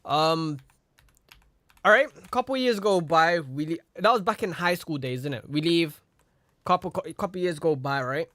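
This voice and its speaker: A man's voice: a little high, moderate pace, bright, forceful tone, no room sound. A young man casually telling a rambling story, repeating "you know what I mean" and acting out the people in it. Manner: acts out the other people in his story. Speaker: streamer.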